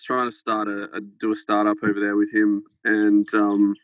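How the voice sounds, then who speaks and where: Guy rambling thru a funny story, swearing a lot, lowish voice, dry muffled phone sound. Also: moderate pace, no room sound. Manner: rambling, swearing, animated anecdote. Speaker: podcast guest. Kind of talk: casual storytelling. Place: farmhouse. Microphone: phone held close to head.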